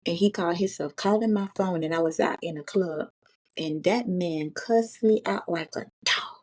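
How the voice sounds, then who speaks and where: Woman, from Florida, podcast guest, casual profane storytelling, animated. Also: fairly low pitch, normal speed. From Florida, USA. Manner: animated, profane, acts out quotes.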